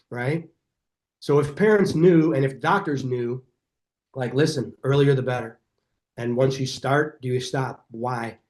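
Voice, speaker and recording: A middle-aged man speaks as a guest on a podcast, in a voice of ordinary, middle pitch. He tells his stories with energy and acts out the voices of the people in them. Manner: energetic, animated storyteller who acts out quoted dialogue. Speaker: chiropractor guest. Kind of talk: podcast interview storytelling.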